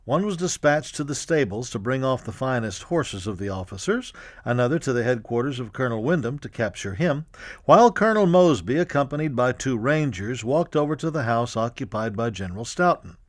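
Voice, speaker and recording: A man reading a history audiobook in a measured, even storytelling manner. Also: mid-range voice, no room sound, clean studio sound. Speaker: narrator. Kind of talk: scripted audiobook narration.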